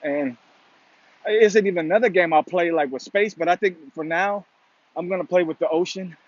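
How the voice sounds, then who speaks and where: A man with a somewhat high voice talks through a loose motivational monologue, circling his points with constant "you know"s and "pretty much"es and the odd curse. The recording is dull and lo-fi. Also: moderate pace, no room sound. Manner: rambling, fillers like "you know" and "pretty much", casual swearing. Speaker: motivational vlogger. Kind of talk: casual spoken monologue. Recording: dull lo-fi sound.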